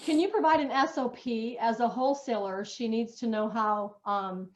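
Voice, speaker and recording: A woman's voice: fairly high pitch, steady tone, normal speed. Muffled woman reading webinar questions. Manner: reads questions aloud, then adds short clarifications.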